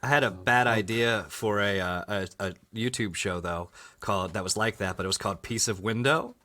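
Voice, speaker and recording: A man's voice: on the low side, normal speed, sharp tone. A man co-hosting a podcast, joking and playful in casual chat. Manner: jokey, playful, laughs often. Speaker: podcast co-host.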